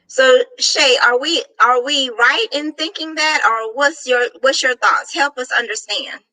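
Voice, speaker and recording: A woman's voice: high-pitched, unhurried, bright, forceful tone, far from the mic, low-quality recording. A woman hosting a live show, prompting a guest with questions.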